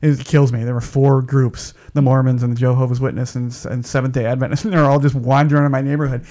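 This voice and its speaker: A blunt man in his fifties trades stories on a casual podcast. He talks in halting bursts and restarts his sentences, with an even, middle-pitched voice. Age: 50s. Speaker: podcast co-host. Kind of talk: casual chat.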